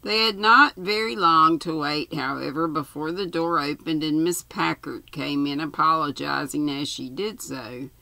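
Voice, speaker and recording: Older woman host reading a novel aloud, slow and gravelly, casual asides. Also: sits low, sharp tone, no echo. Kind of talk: storybook reading.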